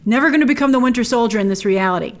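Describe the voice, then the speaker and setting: A woman's voice: on the high side, racing. A woman hosting an episode breakdown, narrating scenes with enthusiasm and playful quoted lines. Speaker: host.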